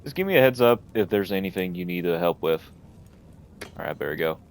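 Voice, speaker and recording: Low-voiced young guy mumbling through a game, reads the text out. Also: expressive, fairly quick. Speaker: gamer streamer. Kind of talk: casual let's-play commentary.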